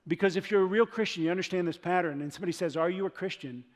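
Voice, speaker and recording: A male pastor preaching a sermon in a church, animated, acting out the voices of people in his story. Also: high voice, rapid-fire. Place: church sanctuary. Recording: long reverb of a church hall.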